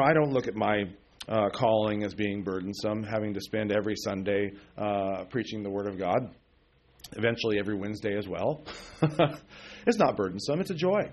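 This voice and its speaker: A man's voice: fairly low pitch, fairly quick, darkish tone, a little hiss or hum. A middle-aged man preaching a sermon as pastor, talking in a loose, conversational way with many fillers and asides, and rising with emphasis on key words.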